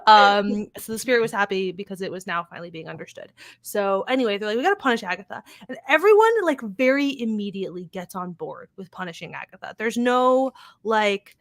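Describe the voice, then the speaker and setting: Give me a chatty woman at a middle pitch recapping a show in a dry, close recording. She swears casually, laughs along, and tosses off quick paraphrased lines from the characters. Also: expressive, no room sound. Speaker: podcast host recapping a TV episode.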